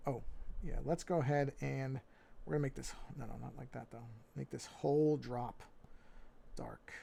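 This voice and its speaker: A man giving casual running commentary while he draws, thinking aloud in a low-key, mumbly way with many restarts, speaking into a fixed mic while looking down at a tablet. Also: normal speed, creaky, warm tone, husky. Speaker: artist streaming his drawing. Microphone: fixed mic while he looks down at a tablet.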